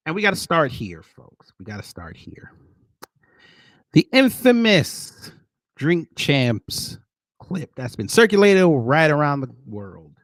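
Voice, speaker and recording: A man hosting casual reaction commentary who talks to viewers directly, swinging between loud emphasis and muttered asides. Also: on the high side, very animated, slow, no echo, studio quality. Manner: addresses viewers directly as folks. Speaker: commentary host.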